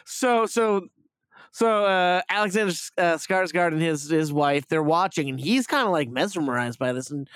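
A man's voice: fairly high pitch, normal speed, a bit bright, smooth, dry recording. A man casually retelling a movie plot on a review podcast, rambling with lots of fillers and swearing. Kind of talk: casual chat.

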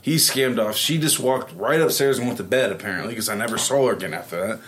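A man telling a story in a casual podcast chat, animated and profane, often laughing. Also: fairly low pitch, quick pace, a little hiss or hum. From Ohio, USA. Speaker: podcast guest.

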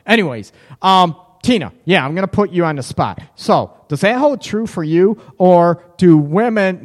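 A man hosting a live show in casual chat, teasing, laughing often and reacting to chat comments. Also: fairly high pitch. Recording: echoey room with long reverb.

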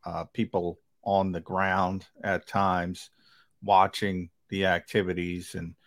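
A man's voice: low-pitched, level tone, slow, fairly bright tone. A man co-hosting a casual sports talk show, rambling and emphatic with lots of fillers.

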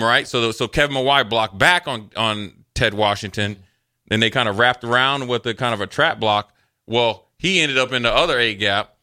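A man co-hosting a sports talk show, telling stories from his playing days in a loose, animated way and acting out what others said. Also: mid-range voice. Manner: animated storyteller, acts out quotes, loose and chatty. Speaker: sports radio co-host, former NFL player. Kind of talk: casual sports talk storytelling.

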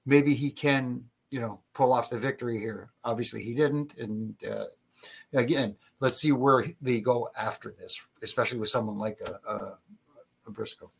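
A man co-hosting a wrestling podcast, working through his analysis in a measured, steady way. His voice sits at an ordinary middle pitch. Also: creaky, husky. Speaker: podcast co-host. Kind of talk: casual wrestling review chat.

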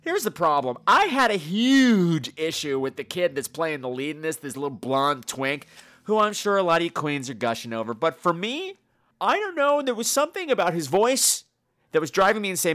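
Snarky podcast host, male, high and animated, campy sarcastic review delivery. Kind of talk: casual spoken review.

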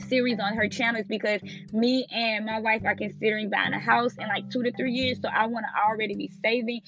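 A woman's voice: fairly high pitch, steady tone, brisk, fairly bright tone. A young woman with a Southern US accent, hosting a casual solo podcast and talking candidly to her listeners. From Southern United States. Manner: chatty, candid, laughs at herself, speaks straight to listeners. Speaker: podcast host. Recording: slightly dull lo-fi audio with faint music behind.

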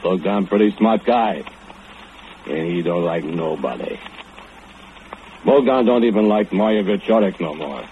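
A man's voice: low-pitched, lively intonation, unhurried, long pauses. An actor playing a drunken, brooding male foundry laborer who speaks broken English and chuckles darkly, in old radio drama style. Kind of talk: 1940s radio acting. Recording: tinny old radio broadcast, hiss.

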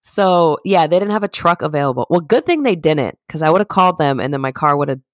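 A woman co-hosting a casual podcast, telling stories in a lively way and acting out quoted people. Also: low voice, fairly quick, no echo. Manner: animated storyteller, acts out quotes in raised voices. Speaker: podcast co-host. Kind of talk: casual chat.

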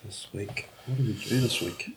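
A man's voice: fairly low pitch, normal speed, a little hiss or hum, poor audio. A man co-hosting a podcast in chatty, agreeable casual talk. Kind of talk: casual chat.

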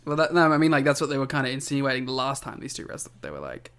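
A man's voice: medium pitch, very animated, fast, few pauses, fairly bright tone, smooth. A young Australian man with an Australian accent, co-hosting a podcast in casual, wry, laughing chat. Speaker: podcast co-host.

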